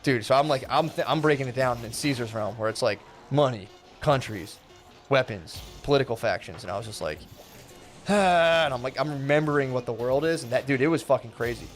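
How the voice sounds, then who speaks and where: A young man telling a long story in a loose, rambling way, full of filler words and swearing, acting out the people he quotes with sudden jumps in pitch. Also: fairly quick, faint music behind. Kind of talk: casual storytelling.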